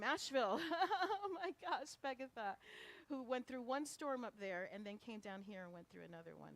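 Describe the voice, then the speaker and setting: A middle-aged woman minister talks to her congregation in a casual, conversational sermon. She is animated, laughs easily, and her voice rises and falls a lot. A faint low rumble sits behind her voice. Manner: animated, chatty, laughs often, jumps between high and low.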